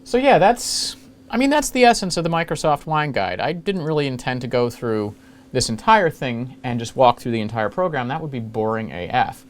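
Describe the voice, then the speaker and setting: A man hosting a casual screen-capture walkthrough of old software, rambling along with jokey, self-mocking asides. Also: mid-range voice, sing-song, normal speed. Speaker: retro computing video host.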